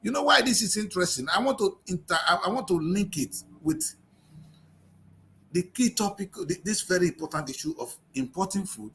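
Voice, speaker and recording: A man's voice: sits high, expressive, normal speed, fairly bright tone, slight background noise. A man giving impassioned political commentary on a TV review show, scolding and firing off rhetorical questions.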